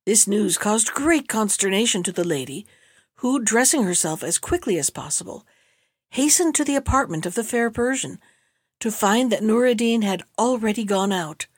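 A woman narrating an audiobook of an old tale in a measured, steady way. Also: medium pitch, no room sound, studio quality. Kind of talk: audiobook reading.

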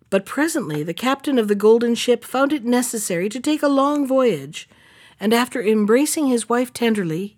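A woman reading a fairy tale aloud in a steady, measured storytelling manner. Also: fairly high pitch. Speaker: narrator.

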